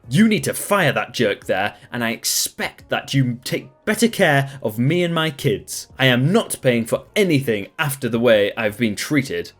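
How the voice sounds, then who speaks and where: A man reading a story aloud, voicing an angry, entitled woman customer who shouts demands. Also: medium pitch. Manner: indignant, shouting accusations.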